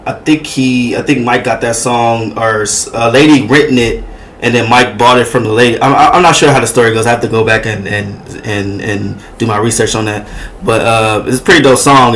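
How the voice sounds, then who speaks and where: A man's voice: medium pitch, a bit bright, slight background noise. A man hosting a reaction video, talking loosely and profanely with many hesitations. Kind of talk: casual reaction commentary.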